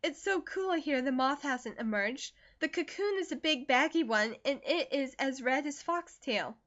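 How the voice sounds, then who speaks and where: A woman voicing an earnest, practical young country girl who teases gently, in an audiobook reading. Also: sits high, animated, unhurried, lo-fi sound, pitched above the performer's own voice.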